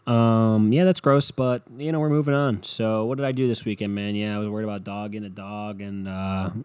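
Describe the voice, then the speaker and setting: A young man rambles through a loose, profane comedic monologue, telling stories and ranting as he goes. His voice sits low with a dark, mellow tone. The sound is dry and close, with no room around it. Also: brisk, clear, resonant tone, no echo. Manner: rambling, profane, animated storytelling.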